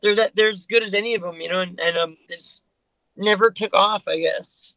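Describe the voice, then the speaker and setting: A man's voice: sits high, fairly even intonation, normal speed, sharp tone, no echo, rough recording. A man who is a guest musician on a podcast, talking casually and rambling with many restarts.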